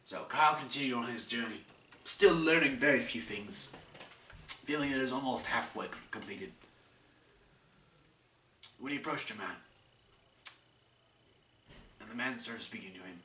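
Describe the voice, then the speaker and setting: A man's voice: medium pitch, normal speed, long pauses, bright, forceful tone. Man narrating a story in an echoey room. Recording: echoey room, mic far off, faint hiss.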